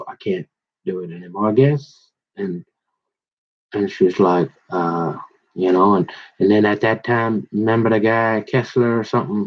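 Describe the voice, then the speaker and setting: Rambling man telling stories, muffled recording. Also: fairly low pitch. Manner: digressive, halting, full of restarts and asides. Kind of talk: rambling personal storytelling. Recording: dull lo-fi recording.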